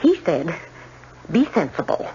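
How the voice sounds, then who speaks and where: A woman's voice: sits low, big pitch swings, unhurried, dark tone, a little hiss or hum. An actress playing a nervous young woman witness who stammers and hesitates through her testimony in a 1970s radio drama. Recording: dull old radio broadcast.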